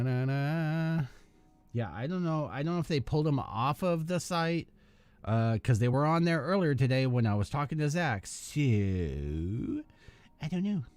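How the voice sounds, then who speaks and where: A hobby channel host with a medium-pitched, darkish voice builds a model kit on a live stream, recorded without echo. He chats loosely, full of fillers and half-finished thoughts.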